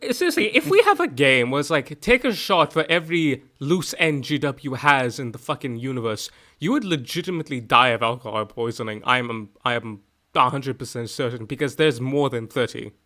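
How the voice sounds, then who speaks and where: A man's voice: mid-range voice, lively intonation, brisk, few pauses, sharp tone. A man hosting a livestream, chatting casually, laid-back, joking and swearing, half asleep. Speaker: streamer host.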